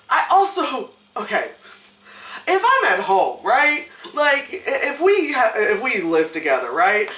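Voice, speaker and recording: Animated woman with a roomy, distant sound. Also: on the high side. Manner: animated, profane, acts out quotes in exaggerated voices. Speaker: movie reviewer. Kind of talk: casual chat.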